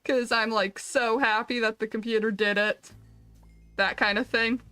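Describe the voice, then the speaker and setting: Rambling bright-voiced woman streamer. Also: fairly high pitch, steady tone, unhurried, clean tone, faint music behind. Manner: rambling, self-deprecating, jokey. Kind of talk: casual chat while gaming.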